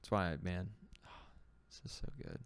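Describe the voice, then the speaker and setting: A man co-hosting a casual podcast chat, easily excited, joking and laughing often. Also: slow. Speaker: podcast co-host.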